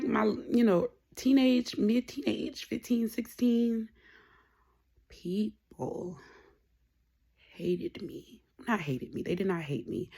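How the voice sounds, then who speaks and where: A young woman rambles candidly to her camera, her low voice full of gravelly fry. She drifts between plain talk and soft whispers as she thinks aloud. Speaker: vlogger. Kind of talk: casual personal vlog.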